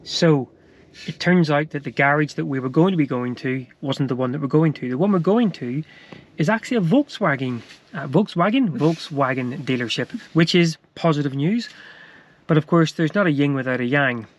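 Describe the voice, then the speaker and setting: A man's voice: a little high, normal speed, lo-fi sound. Joking man in a stopped van. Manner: jokey, teasing, chuckles often. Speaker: vlogger. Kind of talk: casual travel vlog chat. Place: stopped van beside a road.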